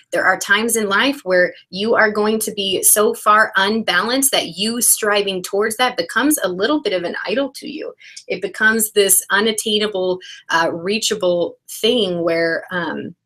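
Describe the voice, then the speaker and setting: Woman, 30s, education podcast co-host, emphatic and lively delivery, mid-range pitch. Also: a little slow. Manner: emphatic, laughs often.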